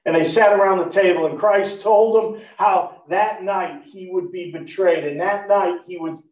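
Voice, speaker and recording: A man preaching a storytelling sermon, animated, swinging from loud to hushed. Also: sits high, moderate pace. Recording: roomy, far from the mic.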